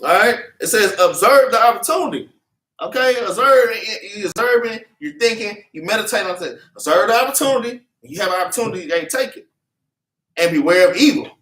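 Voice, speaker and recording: A brisk, animated man with a high, fairly bright voice preaches in fervent, repetitive street talk while teaching a Bible class. Congregants in the meeting room read scripture back to him. The recording carries echo from a distant microphone.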